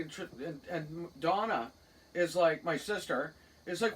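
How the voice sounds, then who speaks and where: High-voiced Cape Breton man telling stories. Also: normal speed, fairly bright tone, recorded from a distance, poor audio. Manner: rambling, laughs through his stories. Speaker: podcast co-host. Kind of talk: casual storytelling chat. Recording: a bit off-mic, faint background hiss.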